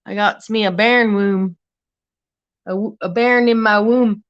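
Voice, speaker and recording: A woman's voice: mid-range voice, normal speed, a bit bright, highs cut off. Woman rambling, hunting for words. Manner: rambling, searching for words mid-thought. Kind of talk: casual livestream discussion.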